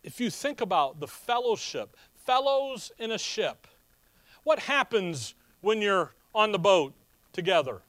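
A man's voice: sits high, very animated, measured pace, a bit bright, dry recording. A man preaching a sermon in a conversational way, asking rhetorical questions and telling personal stories with a chuckle. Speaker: pastor.

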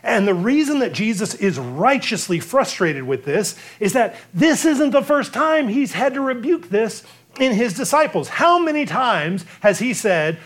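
Lively high-voiced male preacher. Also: normal speed. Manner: animated preaching, acts out biblical quotes. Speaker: pastor. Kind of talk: sermon.

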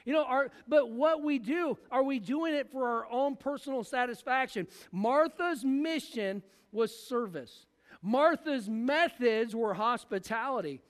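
A man delivers a sermon from the pulpit, his voice unusually high for a man. He acts out the people in the story as he preaches. A long church reverb trails behind every phrase. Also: expressive, measured pace. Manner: preaching with acted-out voices of biblical figures. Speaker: pastor.

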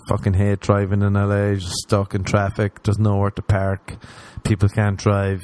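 A young Irish man rambling sardonically in a casual comedic monologue, jumping up in pitch when he acts out other people. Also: a little mellow. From Ireland.

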